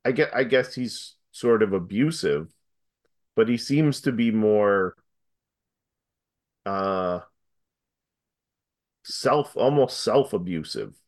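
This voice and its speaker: A man's voice: fairly low pitch, animated, slow, pauses often. A man in a casual film discussion, hedging and thinking aloud as he offers his view.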